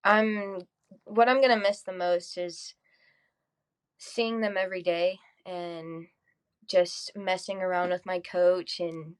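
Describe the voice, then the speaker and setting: A teenage girl being interviewed, shy and soft-spoken, hesitant with ums. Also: fairly low pitch, steady tone, takes it slowly, smooth. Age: teens. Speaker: high school softball player guest. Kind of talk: casual interview.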